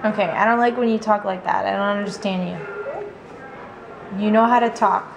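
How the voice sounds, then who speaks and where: A woman's voice: mid-range voice, fairly even intonation, a little fast, creaky. A woman filming a casual home vlog, cooing in baby talk to her little daughter and her dogs. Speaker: vlogger and mother. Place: family home, porch then indoors. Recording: noisy home video.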